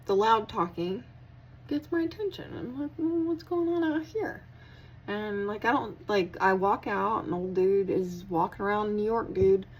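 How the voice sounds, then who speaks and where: A woman's voice: fairly low pitch, a little hiss or hum. A young woman who works at a hotel, telling a story in a blunt, casual way with plenty of swearing and a tired, wry tone. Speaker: hotel worker.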